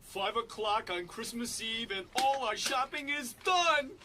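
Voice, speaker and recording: An actor playing a cheerful young male mutant turtle with a stereotypical Brooklyn accent, in excited holiday TV special dialogue. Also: extremely high pitch, measured pace. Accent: Brooklyn Italian-American. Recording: noisy old TV audio, distant.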